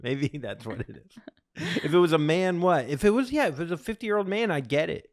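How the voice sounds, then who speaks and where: A man's voice: a little high, expressive, brisk, dry recording, clean studio sound. Wry, teasing man co-host. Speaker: podcast co-host. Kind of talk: casual comedic chat.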